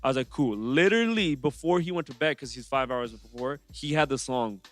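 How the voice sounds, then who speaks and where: Young man, rapper guest, casual storytelling, animated, acts out other people's lines, faint music underneath. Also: medium pitch, a little fast. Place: podcast studio.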